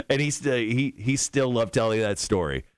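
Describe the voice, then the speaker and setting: A man's voice: medium pitch, animated, measured pace, no echo, studio quality. A male radio host chatting casually on a morning show, telling stories and laughing often while he tells them. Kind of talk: casual morning show chat on a live stream.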